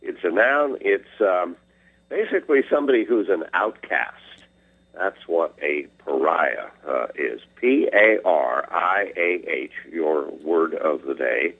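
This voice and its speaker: A man's voice: deep voice, lively intonation, takes it slowly, husky. A man calling in to a radio show with a wry, teasing manner, heard over a tinny phone line. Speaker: word-of-the-day contributor. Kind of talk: casual on-air phone chat.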